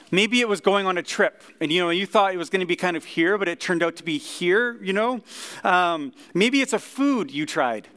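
Male pastor chatting through a sermon at a church potluck service, kinda high voice, loose and friendly pace. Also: normal speed. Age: 30s or older. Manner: relaxed, chatty, many fillers. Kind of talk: casual conversational sermon.

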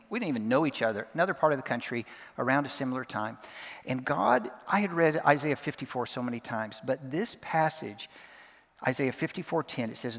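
A man giving a sermon as a pastor, earnest, repeating verses slowly word by word. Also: medium pitch, fairly bright tone. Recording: long reverb of a large hall.

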